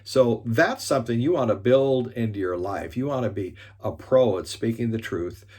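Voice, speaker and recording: A man giving an earnest motivational talk on resolving conflict. He leans on key points by slowing down and often restarts his sentences. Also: mid-range voice, animated, darkish tone, breathy edge.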